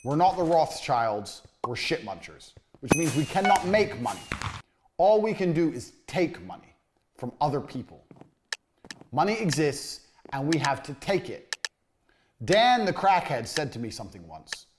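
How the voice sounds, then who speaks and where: Blunt man lecturing over loud noise. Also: on the high side, big pitch swings, unhurried. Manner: blunt, emphatic and profane. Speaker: business course instructor. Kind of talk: recorded course lecture.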